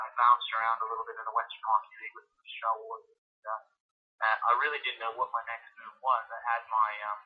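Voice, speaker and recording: A man in his forties telling his story in an interview, rambling with many ums and uhs. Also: fairly low pitch. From Canada. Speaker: ice hockey league commissioner, interview guest. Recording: tinny phone line.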